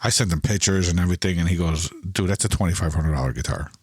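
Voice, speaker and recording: A man's voice: deep voice, fast talker, darkish tone, slightly rough, no echo, clean studio sound. A middle-aged man chatting casually on a podcast, telling a rambling story and acting out both sides of the conversations. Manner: loose, rambling delivery with many restarts. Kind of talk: casual podcast chat about guitars.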